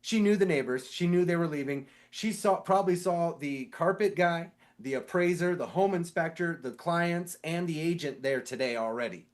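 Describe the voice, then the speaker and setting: Animated profane man telling a story. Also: a little high, moderate pace, hardly any pauses. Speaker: podcast co-host; sewer inspector. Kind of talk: casual storytelling chat.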